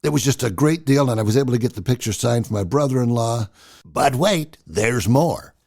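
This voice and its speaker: An older man in his sixties with a gravelly edge spins personal stories in a casual, chatty way. His voice rises and falls freely as he tells them. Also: medium pitch, a little fast. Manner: animated, chatty storyteller. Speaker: storyteller.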